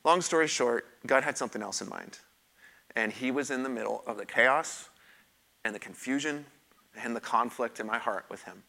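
A man's voice: medium pitch, moderate pace, vocal fry, bright, forceful tone. A middle-aged man preaching a sermon, telling his own story in a candid, conversational way with emphatic repetition. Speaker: pastor. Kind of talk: sermon with personal testimony.

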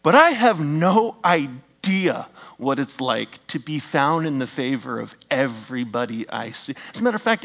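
A middle-aged male pastor preaching a sermon, animated and joking with the congregation, swinging from loud emphatic bursts down to hushed near-whispers. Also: medium pitch, creaky.

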